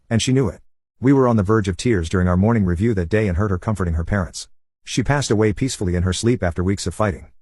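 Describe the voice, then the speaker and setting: A man narrating online stories in an even, unhurried reading voice. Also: lowish voice, breathy edge, no echo, clean studio sound.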